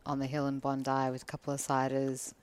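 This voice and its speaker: A woman's voice: extremely low pitch, completely flat delivery, fairly quick, darkish tone, clean tone. A woman chatting on a podcast in a matter-of-fact way. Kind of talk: casual chat.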